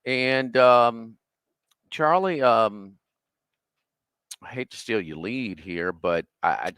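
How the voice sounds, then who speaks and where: A man's voice: mid-range voice, slow, a bit bright, smooth, no room sound. A man co-hosting a live sports radio show, chatting casually and rambling with lots of fillers and restarts. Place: restaurant, live remote broadcast.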